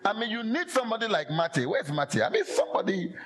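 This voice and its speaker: A man preaching a lively sermon, acting out quoted voices and laughing often. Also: high voice, fast, background noise.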